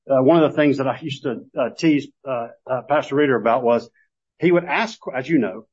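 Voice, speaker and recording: Slightly husky preacher, man. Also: medium pitch. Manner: conversational storytelling with restarts. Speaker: pastor. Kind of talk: sermon. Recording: muffled lo-fi sermon recording.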